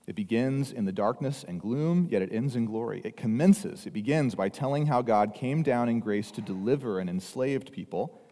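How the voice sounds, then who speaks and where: A man's voice: medium pitch, animated, moderate pace, hardly any pauses, warm tone. A man preaching a sermon as pastor, talking casually and briefly acting out panicked voices from the story. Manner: conversational, acts out voices of the crowd. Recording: long hall reverb.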